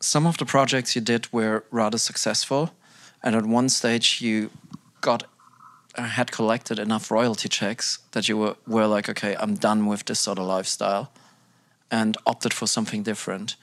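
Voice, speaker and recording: A man interviewing a guest, asking relaxed, probing questions. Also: lowish voice, normal speed.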